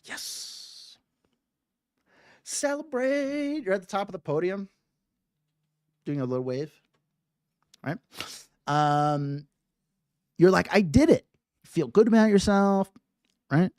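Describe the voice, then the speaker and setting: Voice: unhurried, long pauses, clear, resonant tone, no room sound, studio quality. A meditation teacher talking casually to a live class, often asking "right?" in a playful way. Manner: conversational, keeps asking "right?"; lively rising and falling pitch, playful.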